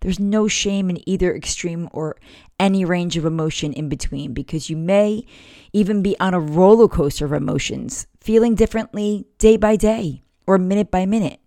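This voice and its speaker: A woman's voice: on the low side, normal speed, dark tone, dry recording, clean studio sound. A woman in her forties hosting a parenting podcast, telling a personal story candidly in a casual, heartfelt monologue. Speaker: podcast host.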